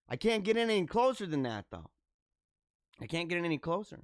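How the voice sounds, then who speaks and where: A man hosting a live show with children at school, chatting in an excitable, rambling way, often laughing and repeating himself. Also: fairly high pitch, moderate pace, pauses often, no room sound, clean studio sound. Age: adult with school-age children. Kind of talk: casual live-stream chat.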